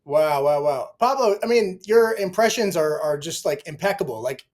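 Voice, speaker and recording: Male interview host, very high voice, eager gushing questions, casual. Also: lively intonation, moderate pace. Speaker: podcast host.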